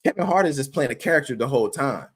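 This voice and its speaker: Male co-host for a casual reaction show, animated and profane, mid pitch. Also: very fast, slightly rough. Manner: animated, profane, laughs often.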